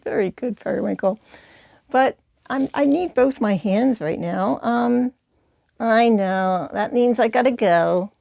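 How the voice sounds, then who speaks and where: Woman puppet teacher, slow and lively, dry close sound. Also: on the high side, creaky, no room sound. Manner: warm, encouraging, teacherly. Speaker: puppeteer and channel host. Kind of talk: instructional video.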